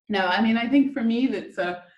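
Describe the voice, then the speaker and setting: A woman's voice: fairly high pitch, echoey room, muffled recording. A woman hosting a guided whisky and chocolate tasting over a video call, chatty and enthusiastic as she coaches the listeners.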